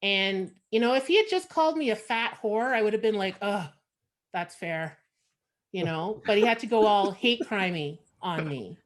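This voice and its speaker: A woman's voice: medium pitch, lively intonation, moderate pace, hardly any pauses. A woman from Montreal with a Canadian accent, performing a frank, sardonic stand-up set over a video call. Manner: frank, sardonic, conversational with many fillers. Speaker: stand-up comedian.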